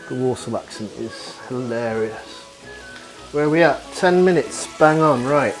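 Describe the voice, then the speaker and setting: A young man talks his way through cooking in a home kitchen, chatty and rambling, with the odd casual swear. Food sizzles in a pan while music plays clearly behind him. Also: medium pitch, animated, a little slow, rough recording. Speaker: vlogger. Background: frying sizzle and music.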